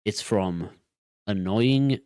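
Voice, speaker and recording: A man's voice: lowish voice, very slow, very noisy. A man, co-hosting a sports podcast in casual chat, laughing often and swearing. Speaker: podcast co-host.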